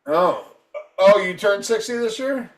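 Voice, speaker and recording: A man's voice: high-pitched, lively intonation, a little slow, distant mic. A man around fifty ranting on a casual podcast, combative and heavy on profanity. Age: 50s. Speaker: podcast co-host. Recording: echoey room, voice off-mic.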